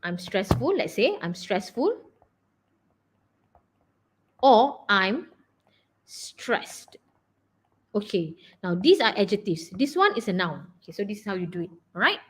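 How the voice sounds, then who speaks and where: A woman's voice: mid-range voice, sing-song, brisk, hardly any pauses, a bit bright, a little hiss or hum. A Malaysian woman teaching an online English revision class, encouraging students and often repeating her phrases.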